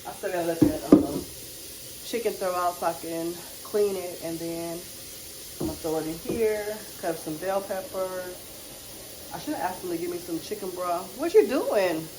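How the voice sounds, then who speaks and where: A woman's voice: on the low side, fairly even intonation, normal speed, echoey room, noisy background. A woman vlogger and mother, chatting casually and confidingly to her viewers while she cleans and cooks at home. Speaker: lifestyle vlogger, mother and wife. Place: home kitchen.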